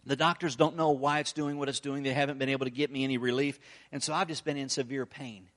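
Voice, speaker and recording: A pastor preaching a sermon, telling a story in an earnest, emphatic way. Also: male voice, medium pitch, steady tone, quick pace, a bit bright. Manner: storytelling, acts out the quoted voices.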